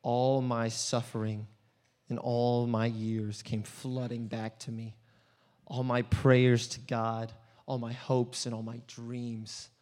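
An actor playing an earnest, desperate blind male beggar in a dramatic first-person monologue, swinging between hushed and loud storytelling. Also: medium pitch, little pitch movement, slow, lightly acted. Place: church hall. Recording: long church hall reverb.

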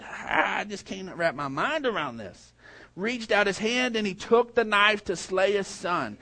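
A middle-aged man preaching a sermon, reading scripture and breaking in with lively asides. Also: high voice. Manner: animated, interjects while reading. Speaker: pastor.

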